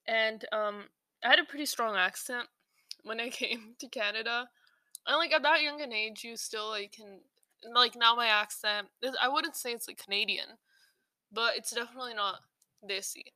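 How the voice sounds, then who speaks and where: A woman's voice: a little high, moderate pace, pushed and bright, no echo. Rambling young woman podcaster. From South Asia. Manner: rambling, many fillers and restarts. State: slightly out of breath while eating. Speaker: podcast host. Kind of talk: casual podcast chat.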